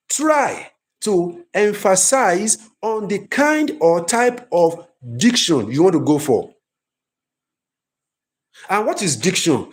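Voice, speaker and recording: Man, high-pitched, lively repetitive teacher on a stream. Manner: lively, emphatic, repeats himself. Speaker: film writing teacher. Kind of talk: live-streamed class.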